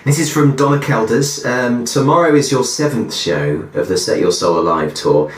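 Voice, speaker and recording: A man's voice: mid-range voice, moderate pace, roomy sound. A man hosting a radio interview in an upbeat way, reading out listener questions. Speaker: radio presenter.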